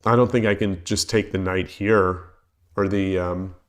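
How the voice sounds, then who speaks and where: A man's voice: low-pitched, steady tone, unhurried. Congested man muttering through puzzles. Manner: muttering, hesitant, self-correcting. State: congested from a cold. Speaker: shogi streamer. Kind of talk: live-streamed puzzle solving, thinking aloud.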